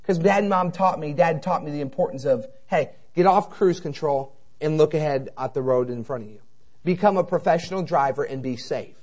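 A traveling evangelist in his thirties preaches a sermon full of animated personal stories and conversational rhetorical asides. His pitch is fairly high and his pace fairly quick.

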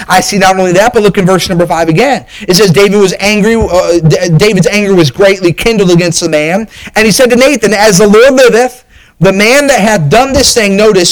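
A man's voice: high voice, low-quality recording. A pastor, a man, preaching a sermon with emphatic bursts, frequent restarts and direct appeals to the congregation.

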